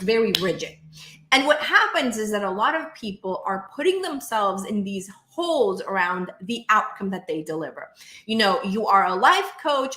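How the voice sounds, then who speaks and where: A woman business coach talking straight to camera in an energetic, emphatic way, full of "like" and "right?", acting out her clients' inner worries in quick asides. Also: mid-range voice, echoey room. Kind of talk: direct-to-camera coaching monologue.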